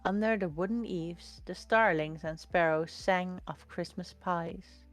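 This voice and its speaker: A woman reading a storybook aloud in a slow, lilting, expressive way. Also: lowish voice, soft background music.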